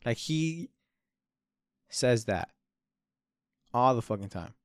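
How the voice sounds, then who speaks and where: Speaking slowly but with animation, a man in his early twenties hosts a podcast and spins a long, rambling story full of swearing, addressing the listener as bro and dude. His voice sits in the mid range, and the sound is clean studio audio with no echo.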